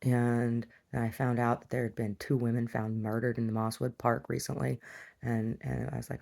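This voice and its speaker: A woman's voice: extremely low pitch, level tone, brisk, creaky, warm tone. A woman telling a personal story in a video diary, rambling with many restarts and asides. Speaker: video diarist. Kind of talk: casual storytelling.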